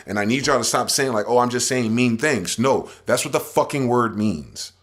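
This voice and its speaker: Swearing guy ranting at his audience, reads dictionary bits out, loud then mumbly, mid-pitched voice. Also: normal speed. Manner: profane, confrontational, swings from loud to muttering. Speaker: podcast host. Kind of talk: ranting commentary while reading definitions aloud.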